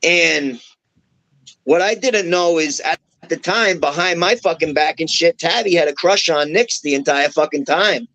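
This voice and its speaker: High-voiced man telling a profane story. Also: measured pace, a little hiss or hum, poor audio. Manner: profane, animated, acts out quoted dialogue. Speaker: wrestler guest. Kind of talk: casual podcast storytelling.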